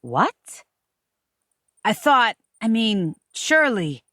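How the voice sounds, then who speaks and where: A woman voicing a smooth, patronizing American man who keeps soothing his lover with pet names. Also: fairly high pitch, big pitch swings, drawn-out words, bright, forceful tone, no room sound, clean studio sound, heavily acted. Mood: placating. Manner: soothing, condescending endearments.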